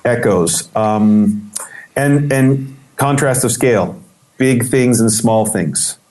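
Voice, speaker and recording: A man telling a story in an interview as a guest, animated and acting out the voices he quotes, with many restarts. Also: mid-range voice, takes it slowly. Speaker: guest photographer.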